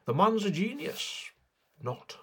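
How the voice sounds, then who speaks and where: A man's voice: sits high, very animated, takes it slowly, bright, forceful tone, breathy edge. A man delivering sardonic satirical political commentary in a mocking, sarcastic way.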